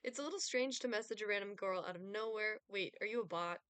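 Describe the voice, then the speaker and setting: A woman's voice: mid-range voice, fast talker, a bit bright, smooth, no echo. A young woman streaming a game, reading her replies with sarcasm and laughing often. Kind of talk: casual gameplay commentary.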